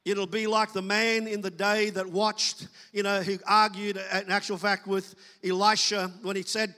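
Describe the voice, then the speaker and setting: A man's voice: high voice, level tone, a little slow, hardly any pauses, sharp tone, in a large hall. A man preaching a sermon as pastor, talking to the congregation in a loose, conversational way and acting out quoted voices.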